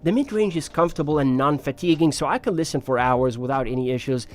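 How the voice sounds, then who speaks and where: A man's voice: medium pitch, fast talker. A man giving a casual, personal review of earphones, talking in a chatty way with many fillers. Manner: chatty, personal, frequent "you know" and "like". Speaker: audio reviewer.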